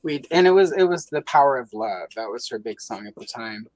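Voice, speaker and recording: A woman's voice: very deep voice, lively intonation, a little fast, darkish tone, dry recording, rough recording. A woman hosting a livestream, talking casually and rambling with many fillers. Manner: rambling, lots of fillers, chatty. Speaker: livestream host.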